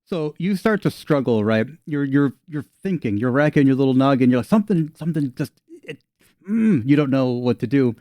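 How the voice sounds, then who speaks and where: A man's voice: medium pitch, fairly quick, hardly any pauses, a little mellow, dry recording. A man narrating as game master in a playful, laughing way.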